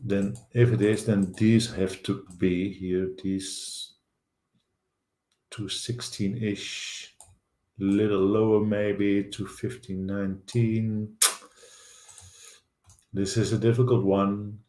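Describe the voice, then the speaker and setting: A man with a Dutch accent talks through trading charts live, thinking aloud and pausing on fillers. His voice sits low and moves slowly. The room gives it a noticeable echo. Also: little pitch movement, dark tone. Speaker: stock market show host.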